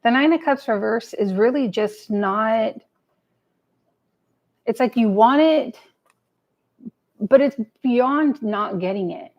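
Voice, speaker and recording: At a home table with a cat close at hand, a tarot reader chats casually through a live reading, muttering and swearing freely as she draws cards. Her fairly high voice takes its time, with long pauses. The highs in the audio are cut off.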